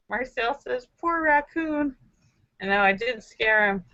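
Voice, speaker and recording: A woman chatting on her live stream with a high, bright voice. She tells her story at an unhurried pace, breaking into squeals and exclamations and greeting viewers as she goes. The sound is dry and a little dull. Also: animated, no echo. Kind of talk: casual live-stream chat. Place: home in the city.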